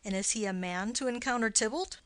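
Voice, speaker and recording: A woman's voice: on the high side, no echo, natural voice. A woman reading the part of a witty, mocking young nobleman in an audiobook of a play. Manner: quick, punning banter.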